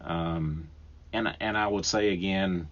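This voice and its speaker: Southern male podcast host, deep voice, dull lo-fi recording, chatty and enthusiastic. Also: takes it slowly, fairly bright tone. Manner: enthusiastic, rambling with fillers and restarts. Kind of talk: casual book recommendations.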